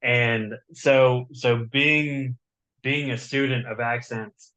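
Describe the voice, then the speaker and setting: A man's voice: medium pitch, fairly even intonation, slow, sharp tone, poor audio. A man with a slight Southern accent, chatting as a guest author in a rambling, enthusiastic way and often repeating words. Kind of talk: casual chat.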